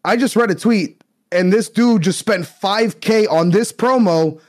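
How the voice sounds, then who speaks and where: A man's voice: high voice, a little slow. A man co-hosting a casual podcast, laid-back and rambling, filling his talk with "like". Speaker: podcast co-host.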